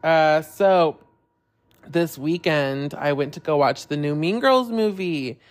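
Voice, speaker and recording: A man's voice: on the high side, slow pace. A man hosting a solo podcast in a casual, candid chat who swears freely and talks openly about personal feelings. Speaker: podcast host.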